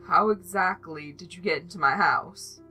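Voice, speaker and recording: Sans, a woman voicing a gloomy monotone skeleton guy. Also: lowish voice, normal speed, faint music behind. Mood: flat. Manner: flat monotone, self-deprecating. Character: gloomy tired young male skeleton.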